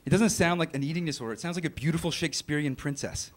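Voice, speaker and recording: A man's voice: a little high, rapid-fire. A young man doing a stand-up set on a club stage, rambling and offhand, slipping into acted-out voices. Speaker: stand-up comedian. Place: comedy club stage with a laughing audience. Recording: noisy club recording.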